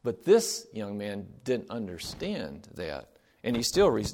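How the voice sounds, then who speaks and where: A man's voice: fairly low pitch, huge pitch swings, a little slow, warm tone. A man giving a sermon in a conversational way, reading scripture aloud and asking his listeners rhetorical questions. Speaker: preacher.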